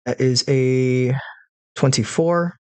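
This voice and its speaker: A man's voice: medium pitch, slow, a little mellow, clean tone, no room sound. Give me a man narrating a tabletop game and tallying dice methodically, close and dry. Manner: methodical, counts rolls aloud. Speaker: game master.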